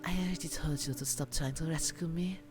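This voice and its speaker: A woman's voice: low voice, fairly even intonation, a little fast, lightly acted. A woman voicing a sassy, aloof young woman in a video game, speaking curtly and dismissively. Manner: curt, dismissive, sarcastic. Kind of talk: voiced video game dialogue. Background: game music.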